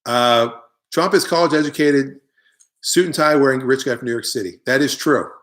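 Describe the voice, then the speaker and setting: A middle-aged man with a plain, mid-pitched voice, holding forth in a loose comic monologue. He rambles from point to point, tosses off wry asides and answers viewers as he goes, talking casually, like someone hosting his own live stream. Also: normal speed, fairly bright tone. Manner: rambling, opinionated, jokey asides. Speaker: comedian hosting a live online show.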